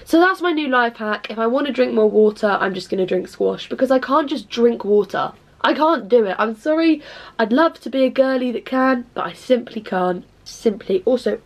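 Young english girl vlogging, swears loads, jokey about herself, kinda high voice. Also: creaky. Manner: chatty, swears often, self-mocking; bursts into snatches of song. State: tired, low-voiced at night. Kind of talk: casual vlog chat.

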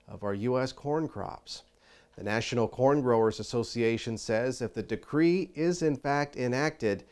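Male agricultural news anchor, mid-pitched, smooth and clear, upbeat scripted read.

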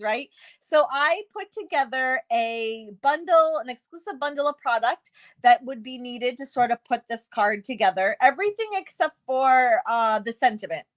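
Greeting viewers by name and laughing often, a bubbly woman chats casually while hosting a live crafting stream. Her voice sits high with a fairly bright tone.

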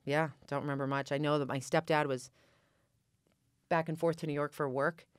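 A woman's voice: sits low, normal speed, clear, resonant tone, no room sound, studio quality. A woman in her forties, an actress, telling a personal story in a casual interview and acting out what people said. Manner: animated, acts out quoted dialogue. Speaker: guest, actress.

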